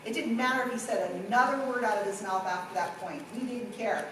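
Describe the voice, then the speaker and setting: Middle-aged woman presenter, fairly high voice, animated storyteller; recorded from afar in a very echoey room. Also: brisk, far from the mic, a little hiss or hum. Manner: animated storytelling with acted-out quotes. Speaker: workshop presenter. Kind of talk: conference workshop talk. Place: conference room.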